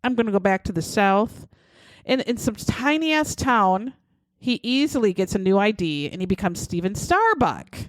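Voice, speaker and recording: A woman's voice: mid-range voice, big pitch swings, moderate pace, no echo. A woman co-hosting a podcast, casually retelling a true-crime story with swearing and quoted voices. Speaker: podcast co-host.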